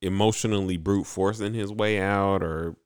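Deep-voiced man rambling through a recap. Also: steady tone, normal speed, smooth, no echo, studio quality. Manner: rambling, full of likes and ums. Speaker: podcast co-host. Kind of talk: casual anime recap chat.

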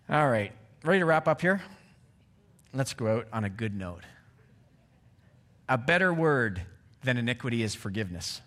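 A middle-aged man preaching a sermon in a relaxed, conversational way, often checking in with his listeners. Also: medium pitch, normal speed, long pauses. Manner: conversational, asks the audience "right?". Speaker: pastor.

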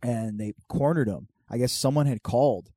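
Man, casual storyteller, profane, animated, mellow tone, dry sound. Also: mid-range voice, normal speed, dry recording. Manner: profane, animated storyteller acting out quoted voices.

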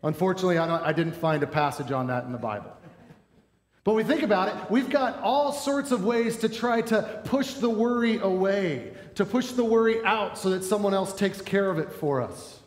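A middle-aged man preaching a sermon with a slightly high voice. He talks in a relaxed, storytelling way and pokes fun at himself. The sound carries a long reverb from a big, echoey church room. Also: normal speed. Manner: conversational storytelling with self-deprecating humor. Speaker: pastor. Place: church sanctuary.

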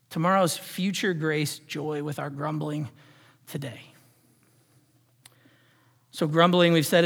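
Pastor guy preaching in a church, bit high voice, long echo off the hall. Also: a bit bright. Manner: questioning, earnest preaching with rising and falling emphasis. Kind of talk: sermon.

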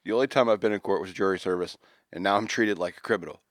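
A man's voice: sits low, very fast, no echo, studio quality. A man co-hosting a casual chat show, reading news stories aloud and joking between them. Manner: jokey, reads stories aloud with asides. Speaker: podcast co-host.

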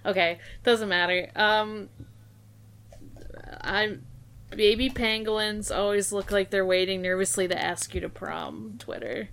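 A woman's voice: medium pitch, fairly even intonation, a little slow, creaky, a bit bright. A woman joking around playfully as a guest in casual podcast banter.

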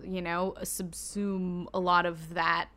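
A woman's voice: lowish voice, flat delivery, slow, pushed and bright, smooth. A woman hosting a podcast, chatting casually and encouragingly in a reflective way. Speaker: podcast host. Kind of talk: casual chat.

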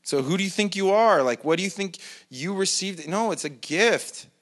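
A man's voice: high voice, lively intonation, moderate pace, a bit bright. A male pastor preaching a sermon in a conversational, self-deprecating way, with mocking asides. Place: church.

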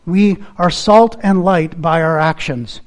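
A man's voice: on the high side, slow. A man preaching a sermon in an earnest, emphatic manner, repeating key phrases, and closing in prayer. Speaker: pastor.

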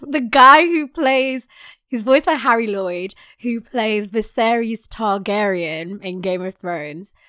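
A woman's voice: medium pitch, slow, bright, forceful tone, clean tone, dry recording, clean studio sound. A young woman co-hosting a podcast, playfully recapping a show with slangy asides. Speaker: podcast co-host. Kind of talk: casual chat recapping a show.

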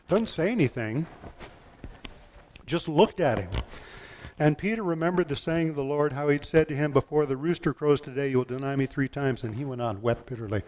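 A man preaching a sermon, retelling scripture with lively storytelling and dropping low and quiet for quoted lines. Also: a little hiss or hum. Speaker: pastor.

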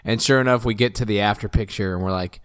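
A man co-hosting a podcast in casual chat, easygoing and quick to laugh. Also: lowish voice, clear, resonant tone. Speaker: podcast co-host.

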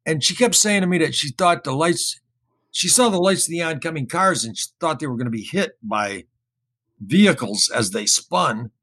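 A man telling a story in casual speech, rambling and repeating himself, getting animated when he quotes other people. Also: on the high side, normal speed. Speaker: guest recounting an experience.

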